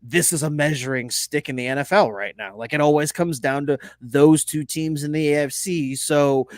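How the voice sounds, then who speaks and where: A man's voice: on the high side, moderate pace, no room sound. A man co-hosting a casual sports podcast, emphatic and opinionated, laughing often. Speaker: podcast co-host.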